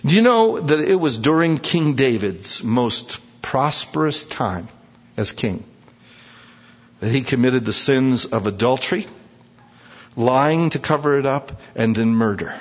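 A man preaching a sermon, animated, acting out prayers and swinging his voice up high when he voices them. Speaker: pastor. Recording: muffled, with long hall reverb.

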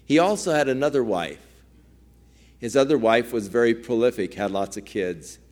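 A man's voice: mid-range voice, animated, normal speed, darkish tone. A male pastor preaching a sermon, telling a story earnestly and acting out its quoted dialogue.

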